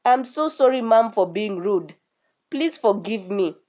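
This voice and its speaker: A woman's voice: mid-range voice, lively intonation, darkish tone, close to an everyday voice. A woman voicing a snobbish male palace guard who talks with disdain and hurries to apologize. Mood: apologetic. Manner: scornful, then quick apologies. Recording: dull lo-fi recording.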